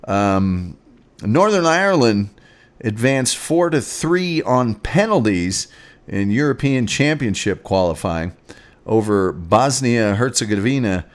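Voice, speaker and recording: A man's voice: lowish voice, animated, slow pace. A man hosting a casual sports show, rambling through scores with sarcastic asides. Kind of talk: casual sports commentary and rants.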